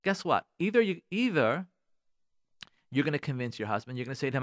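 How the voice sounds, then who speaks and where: A man's voice: mid-range voice, very animated, fairly quick, long pauses, no echo, clean studio sound. A man giving marriage advice on a radio talk show, preaching with rhetorical questions and repetition. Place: radio studio.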